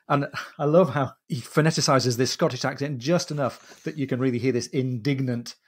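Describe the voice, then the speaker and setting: A man's voice: mid-range voice, steady tone, fairly quick, few pauses. A man hosting a book discussion podcast, talking through funny passages with enthusiasm. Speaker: podcast host.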